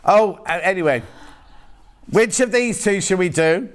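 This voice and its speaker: A man's voice: sits high, unhurried, clean tone. A man presenting live on a shopping channel, chatting and joking in rambling asides while selling fabric in a TV studio.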